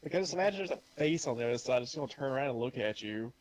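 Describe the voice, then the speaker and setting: A man's voice: mid-range voice, animated, racing, poor audio. A man playing in a tabletop game, rambling with lots of fillers. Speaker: player. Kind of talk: tabletop role-play chat.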